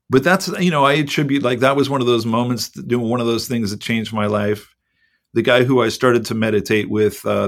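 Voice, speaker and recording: A middle-aged man in casual podcast chat, rambling and candid, with lots of "like" and the odd swear word. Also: mid-range voice. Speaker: podcast co-host.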